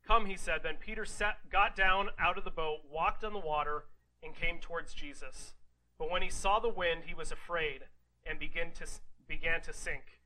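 A man preaching a sermon in a raised, bright voice with a sharp, forceful edge. He reads scripture aloud and then unpacks it casually. He keeps turning to his listeners with rhetorical questions and quick "right?" asides. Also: on the high side, steady tone, poor audio. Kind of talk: conversational sermon.

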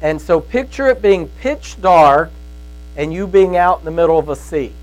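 A man's voice: fairly high pitch, moderate pace, low-quality recording. A man giving a conversational sermon as a Bible teacher, telling stories in a folksy way and often checking in with his listeners. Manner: storytelling, folksy, asks "right?" often.

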